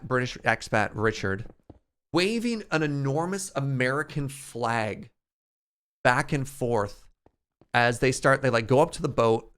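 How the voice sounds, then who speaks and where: A man streaming a game, chatting casually and telling stories in an animated way to his chat. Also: mid-range voice, clean tone. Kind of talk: casual storytelling while playing.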